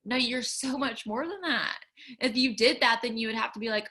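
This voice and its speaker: Bright-voiced young woman giving earnest encouragement. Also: a little high, a little fast. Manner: chatty and earnest, many fillers, urging viewers on. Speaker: livestream host sharing faith encouragement. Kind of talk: casual faith talk to viewers.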